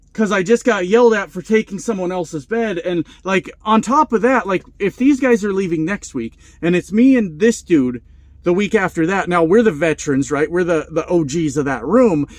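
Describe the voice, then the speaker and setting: A man of about forty, a truck driver vlogger, telling a story in casual, profane, animated style. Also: high-pitched, moderate pace, dry recording.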